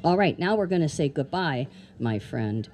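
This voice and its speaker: A woman with a somewhat low, warm voice hosts an animal show for children outdoors. She talks in a chatty, playful way and keeps asking the kids questions. A faint background noise sits under her voice. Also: lively intonation, normal speed. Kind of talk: live educational talk to kids. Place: outdoor amphitheater.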